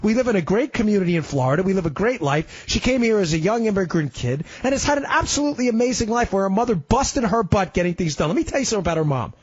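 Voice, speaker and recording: A man's voice: very animated, quick pace, hardly any pauses, breathy edge, dry recording. A man hosting a talk radio show, telling a story emphatically and sounding slightly ill. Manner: emphatic storytelling with sudden pitch swings. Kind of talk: impassioned talk radio monologue. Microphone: studio microphone. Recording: dry, slightly dull radio studio audio.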